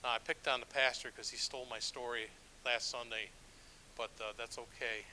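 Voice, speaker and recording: A man's voice: medium pitch, flat delivery, normal speed, sharp tone, slight background noise, poor audio. A middle-aged man, a church elder, preaching a sermon with stories in a conversational, self-deprecating way, with frequent restarts. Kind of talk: sermon with storytelling.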